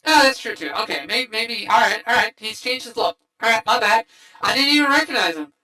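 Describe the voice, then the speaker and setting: A woman hosting a casual livestream movie chat, excitable and rambling with many restarts. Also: fairly high pitch, fairly quick, poor audio. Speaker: streamer host.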